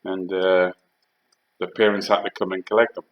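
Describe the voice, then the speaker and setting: A man's voice: sits low, flat delivery, moderate pace, dull audio. An older man, a former soldier, telling war stories in a blunt, heated way, swearing and firing off rhetorical questions. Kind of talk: heated spoken monologue.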